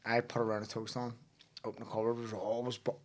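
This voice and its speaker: A man with a Belfast accent, a podcast guest telling a story in casual talk, animated and swearing, often laughing. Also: medium pitch, quick pace. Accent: Northern Irish, Belfast.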